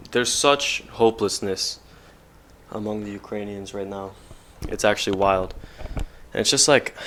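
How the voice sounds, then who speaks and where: Low-voiced man rambling slangy commentary. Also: a little hiss or hum. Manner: slangy, rambling, heavy use of fillers like and bro. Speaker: vlogger. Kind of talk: casual commentary.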